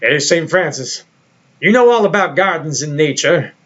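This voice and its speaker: A man voicing a calm, wise God who speaks slowly and easily, on a dull lo-fi recording. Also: on the high side. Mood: amused.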